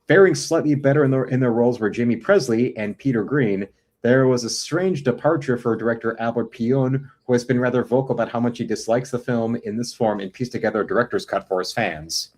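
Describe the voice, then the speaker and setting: A man's voice: mid-range voice, fairly quick, darkish tone. A man hosting a casual stream, cracking jokes and reading a film review aloud. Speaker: host of an art stream.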